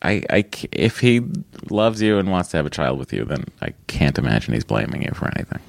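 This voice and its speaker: A man's voice: extremely low pitch, very animated, fairly quick, vocal fry, no echo. A man from New England co-hosting a podcast in casual chat, joking and rambling with self-deprecating asides. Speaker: podcast co-host.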